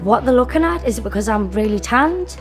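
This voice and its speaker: A woman's voice: fairly high pitch, animated, a little fast, faint music behind. A teenage woman, speaking candidly and chattily in a documentary interview. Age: teens.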